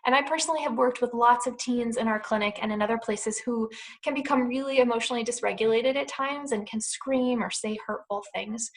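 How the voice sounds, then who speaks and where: Young American woman clinician, fairly high voice, calm and reassuring, for a parent webinar. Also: poor audio. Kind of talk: pre-recorded educational talk.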